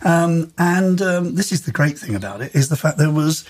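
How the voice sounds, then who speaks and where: A chatty man from London hosts a relaxed radio talk about musicals. His voice has a husky, breathy edge, and he talks in loose, rambling phrases full of ums and little restarts. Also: fairly high pitch, normal speed. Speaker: radio presenter.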